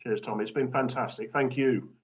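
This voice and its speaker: A man's voice: mid-range voice, steady tone, moderate pace, muffled recording. A man joining by video call as a charity guest, effusive and grateful, stammering into his phrases. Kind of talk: casual video-call chat.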